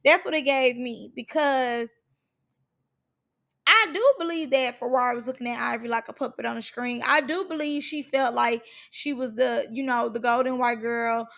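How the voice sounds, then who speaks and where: A woman's voice: on the high side, normal speed, creaky, fairly bright tone. A woman recapping a reality show in casual, slangy speech, stressing points by repeating words.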